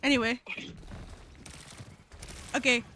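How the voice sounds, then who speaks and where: A woman's voice: a little high, little pitch movement, takes it slowly, bright, forceful tone, slight background noise. A woman streaming live, chatting casually with her viewers in a slangy, rambling way, often laughing.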